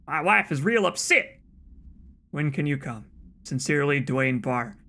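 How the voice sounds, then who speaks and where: A man's voice: on the high side, lively intonation, a little slow, bright, forceful tone, heavily acted. A man voicing a frightened rural man with a put-on Southern accent, reading out a complaint letter. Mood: alarmed. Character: frantic rural man, fearful of a devil in a toy.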